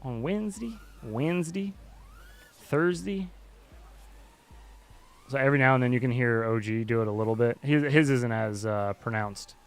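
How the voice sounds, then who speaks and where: A man's voice: medium pitch, steady tone, fast talker, hardly any pauses, smooth. A man hosting a livestream, chatting loosely and rambling while he flies a drone simulator, swearing often. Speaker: livestream host. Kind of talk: casual chat while flying a drone simulator.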